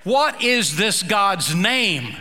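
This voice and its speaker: A man's voice: high voice, very animated, extremely slow, bright, forceful tone, long reverb tail, pitched above the performer's own voice, heavily acted. Preacher voicing a reluctant, pleading man.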